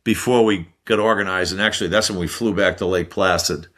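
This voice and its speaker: Older American man, bright lowish voice, lively anecdote-teller on a podcast. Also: brisk. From United States. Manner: animated anecdote-telling with mimicked voices and laughs. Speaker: podcast guest, former hockey player. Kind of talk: casual storytelling.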